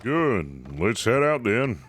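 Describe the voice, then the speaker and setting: A man's voice: fairly low pitch, very animated, slow pace, fairly bright tone. A man roleplaying a sheriff in an online western game, speaking in character with a drawling, commanding manner. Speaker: streamer playing a sheriff.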